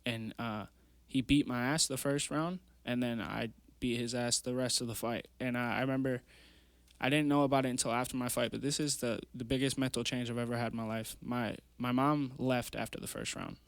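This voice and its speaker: A young man in his twenties, an amateur MMA fighter, is a guest on a podcast, telling his story earnestly and ramblingly with lots of fillers. His middle-pitched voice is steady and a little fast. The podcast mic captures him close and dry, with no room sound.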